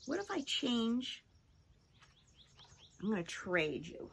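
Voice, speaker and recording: A woman teacher giving a children's phonics lesson, speaking clearly and encouragingly and breaking into song with the kids. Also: on the high side, sing-song, slow, pauses often, fairly bright tone, a little hiss or hum.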